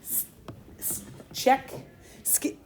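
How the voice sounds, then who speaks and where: A woman teaching a math class, upbeat and quick, calling out questions to her students. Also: a little mellow, a little hiss or hum. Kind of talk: classroom lesson.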